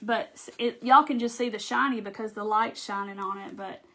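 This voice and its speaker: A woman's voice: mid-range voice, fairly even intonation, fairly quick, sharp tone. A middle-aged woman with a thick Southern accent, chatting casually on a craft livestream and answering viewers' comments as she works. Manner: chatty, reads out and thanks viewers' comments while working. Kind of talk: casual live crafting chat.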